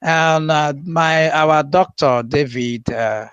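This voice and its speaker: A man's voice: fairly high pitch, slow, a bit bright, smooth, no echo, highs cut off. A man in an online audio room, friendly, greeting people by name one after another.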